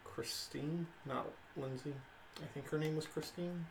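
A man's voice: fairly high pitch, fairly even intonation, measured pace, gravelly, a little hiss or hum, poor audio. A man joining a casual chat, teasing and laid-back.

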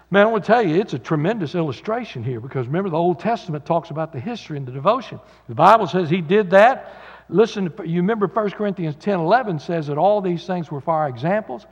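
Male preacher, folksy sermon delivery; muffled sound with long church reverb. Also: sits high. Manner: folksy, paraphrasing scripture with repeated restarts. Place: church sanctuary.

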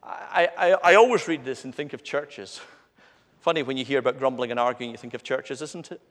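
A man's voice: medium pitch, a little fast, a bit bright. A man preaching an earnest, conversational sermon, asking his listeners rhetorical questions. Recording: long hall reverb.

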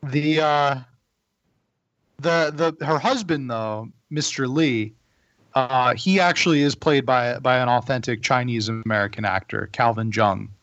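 Casting: man, co-host, casual chat, halting delivery, muffled dry sound. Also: medium pitch, a bit bright, no room sound. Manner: halting, stumbles over words. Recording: dull, dry recording.

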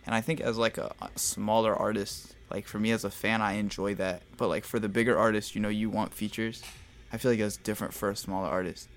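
A man's voice: lowish voice, fairly even intonation, a little fast. A man co-hosting a podcast in casual chat, laid-back and slangy, giving strong opinions. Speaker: podcast co-host.

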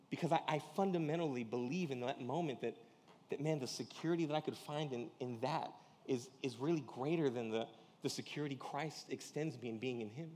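A man's voice: medium pitch, fairly quick, a little mellow. A man preaching a sermon as pastor, in a casual slangy way, often acting out quoted dialogue. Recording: church hall reverb.

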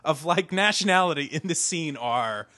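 A man co-hosting a podcast, in an animated, laughing chat about a movie, full of "like". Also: a little high, normal speed, dry recording. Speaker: podcast co-host.

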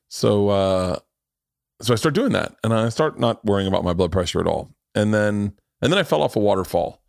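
A man hosting a podcast in casual chat, telling stories in an animated way with frequent swearing and laughter. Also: fairly low pitch, a little fast, vocal fry, no room sound, clean studio sound. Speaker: podcast host.

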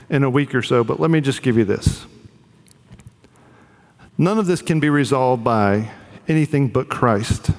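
A man's voice: medium pitch, long reverb tail. A man preaching a sermon as pastor, earnest and conversational, with fillers.

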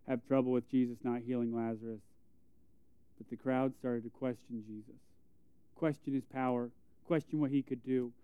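A male pastor preaching a sermon, retelling a Bible story conversationally and dropping to a hush for emphasis. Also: medium pitch, clean tone, no room sound, narrow, tinny audio.

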